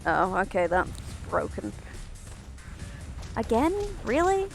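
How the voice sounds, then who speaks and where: A woman's voice: mid-range voice, measured pace, faint music behind. A woman chatting casually while streaming a game, rambling and swearing in self-mocking asides. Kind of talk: casual gameplay stream chat.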